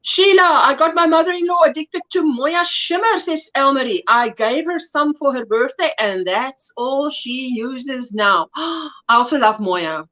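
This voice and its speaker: A woman's voice: sits high, lively intonation, unhurried, hardly any pauses, a bit bright. A South African woman hosting a casual livestream chat, reading viewer comments aloud and laughing often. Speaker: livestream host.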